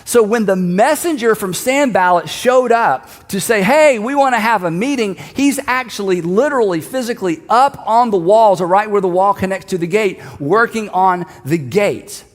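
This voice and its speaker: A man's voice: high-pitched, animated, normal speed, few pauses, big-room sound. A man preaching a sermon, retelling a scripture story earnestly and leading listeners to repeat a line together. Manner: earnest, storytelling, leads congregation in call-and-response. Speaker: pastor.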